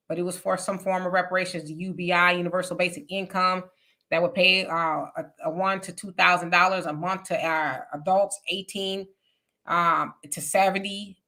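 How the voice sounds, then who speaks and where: A woman's voice: on the low side, pushed and bright. A woman hosts a casual live-stream chat, reading viewer comments and answering them candidly. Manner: candid, conversational, reads comments aloud with asides. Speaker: live show host.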